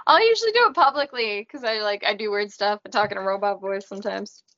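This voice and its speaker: A young woman, a psychic mentor, chatting quickly and casually with lots of fillers. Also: mid-range voice, a bit bright, highs cut off. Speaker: psychic mentor, podcast guest. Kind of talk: casual spiritual chat.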